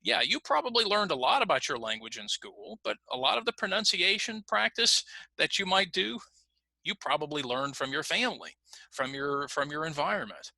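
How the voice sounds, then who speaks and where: Lively, bright-voiced male ESL teacher. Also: a little high, normal speed, vocal fry, no room sound. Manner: patient explaining, lively intonation. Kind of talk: recorded online lesson.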